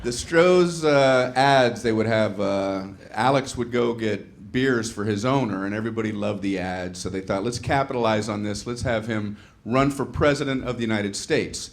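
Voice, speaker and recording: A middle-aged man performing a stand-up routine, telling a story in an animated way and acting out voices and exasperated asides. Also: lowish voice, normal speed, vocal fry, few pauses. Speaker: stand-up comedian. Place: comedy stage with audience laughter. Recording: live show with faint room noise.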